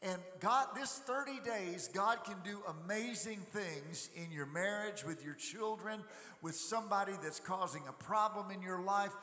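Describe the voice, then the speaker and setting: A man's voice: sits high, sharp tone. A man preaching a sermon as a guest preacher, telling jovial stories and asking the congregation to respond. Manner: jovial storytelling, asks crowd to respond. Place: large church sanctuary. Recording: echoey church hall reverb.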